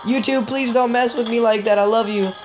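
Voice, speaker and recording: Excitable woman gamer over loud game music. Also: a little fast, low-quality recording. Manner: joking, excitable, with sudden high yelps; chatty, talks straight to viewers. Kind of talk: casual let's-play commentary.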